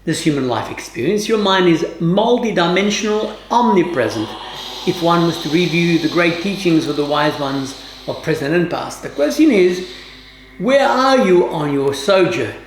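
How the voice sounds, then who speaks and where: A woman yoga teacher leads a guided class with calm, measured instructions in formal, old-fashioned wording. Her pitch moves up and down in a lively way, and the recording carries a roomy echo with a faint hiss underneath. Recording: roomy, echoey room.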